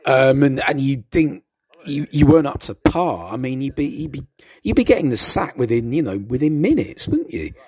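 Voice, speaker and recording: A man's voice: mid-range voice, sing-song, normal speed, breathy edge, no echo. A man giving casual, hesitant commentary over an old TV show, stammering and adding chuckling asides.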